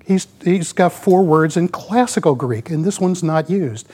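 A man's voice: sits high, expressive, a little slow, dark tone, breathy edge. A man in his mid-sixties giving a folksy, rambling church talk, peppered with "you know.". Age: 60s. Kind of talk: informal sermon with slides.

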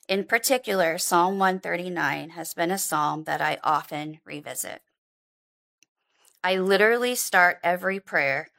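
Low gravelly woman reading a testimony. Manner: calm, devotional, measured reading. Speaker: church member reading a personal reflection. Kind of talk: read personal testimony.

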